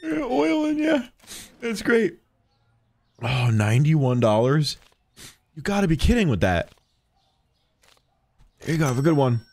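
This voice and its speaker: A man's voice: on the high side, big pitch swings, unhurried, vocal fry, pauses often, a little mellow, no echo. A man streaming a game, chatting playfully with in-game customers as if he were a cheerful cashier. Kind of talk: casual gameplay commentary.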